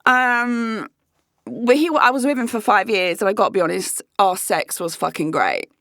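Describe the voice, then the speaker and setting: A woman's voice: mid-range voice, expressive, normal speed, fairly bright tone, no echo, clean studio sound. A woman, talking frankly and casually to her viewers and swearing freely. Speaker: host. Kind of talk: candid casual chat.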